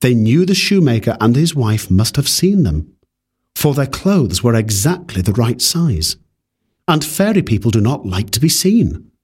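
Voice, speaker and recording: A man reading a fairy tale aloud in a calm, measured way. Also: mid-range voice, husky. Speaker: storyteller.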